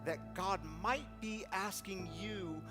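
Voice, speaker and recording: A man's voice: sits high, slow pace, over music. A middle-aged man leading a recovery group, giving an earnest motivational talk with pleading lines he acts out. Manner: earnest, acts out pleading quotes with rising intensity. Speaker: recovery community leader.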